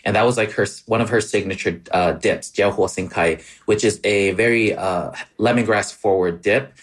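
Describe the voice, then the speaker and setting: A man's voice: fairly low pitch, fairly even intonation. A man with a Wisconsin accent, a cookbook author chatting eagerly in an interview, with lots of likes and ums. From Wisconsin, USA. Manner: quick, enthusiastic, filler-heavy. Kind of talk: casual interview chat.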